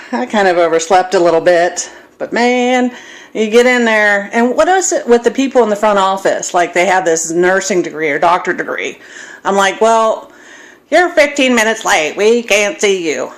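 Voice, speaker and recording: A middle-aged woman in her home kitchen, recording a casual cooking vlog on her phone and wandering into self-deprecating stories. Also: mid-range voice. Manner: rambling, self-deprecating storyteller. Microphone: phone camera.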